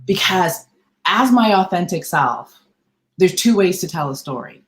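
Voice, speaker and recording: A woman hosting a podcast as a mindset coach. Her voice sits on the low side, and her delivery is earnest, emphatic and motivational. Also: animated, measured pace. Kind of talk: podcast conversation.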